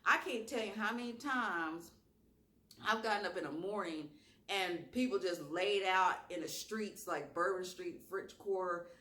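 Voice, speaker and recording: A woman with a strong Southern accent, telling a wild story in a casual vlog with slang and lively asides. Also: on the low side, a little slow. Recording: echoey room.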